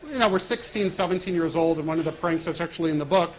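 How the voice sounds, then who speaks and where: A middle-aged American man telling stories in a lively way, acting out prank calls and laughing along. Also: on the high side, quick pace. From United States. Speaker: guest speaker. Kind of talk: storytelling talk.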